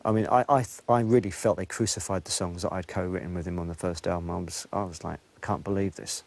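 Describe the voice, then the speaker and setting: Male interviewee, lowish gravelly voice, candid and reflective. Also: fairly even intonation, quick pace, darkish tone. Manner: reflective, candid, a few restarts. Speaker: interviewee, former co-writer. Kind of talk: interview recollection.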